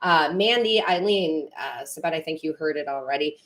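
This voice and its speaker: A woman's voice: deep voice, expressive, moderate pace, a bit bright. A woman tarot reader and medium chatting with viewers on a live stream, rambling and correcting herself, teary and emotional.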